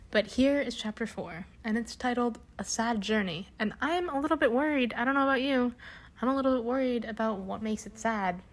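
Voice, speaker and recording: A young woman reading a children's book aloud and breaking off into gushing, animated asides. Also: mid-range voice, low-quality recording. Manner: gushing, animated asides between read passages. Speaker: book reader.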